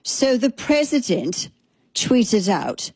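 A woman's voice: fairly high pitch, very animated, slow, a little mellow, husky, no room sound. A woman hosting a casual political commentary show, talking conversationally with restarts, asides and a wry tone.

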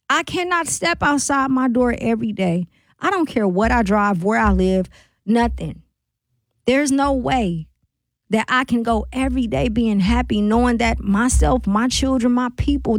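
A woman's voice: on the high side, dry recording. A woman hosting a call-in radio show, speaking earnestly and reflectively with a preacher-like, repeating cadence. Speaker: radio talk show host.

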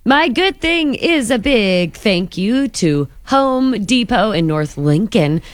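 A woman's voice: on the high side, lively intonation, takes it slowly, no room sound. A woman co-hosting a radio show, chatting casually with fillers like "um" and "like.". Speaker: radio co-host. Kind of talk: casual on-air chat. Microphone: studio microphone.

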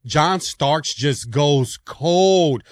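A man co-hosting a sports talk show, energetic and playful, turning to address the listeners. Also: on the high side, drawn-out words, no room sound, studio quality.

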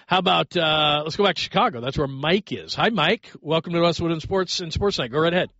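A man's voice: fairly high pitch, quick pace, vocal fry, few pauses, sharp tone, no echo, dull audio. Chatty man hosting a sports call-in show. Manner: chatty, laughing, then firm and lecturing. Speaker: radio sports talk host. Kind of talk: late-night call-in radio talk. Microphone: studio broadcast mic.

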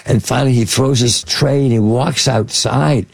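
A man's voice: medium pitch, fairly even intonation, normal speed, creaky, slightly rough, no echo. A man telling rambling anecdotes as an interview guest, full of fillers and restarts. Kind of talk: anecdotal storytelling.

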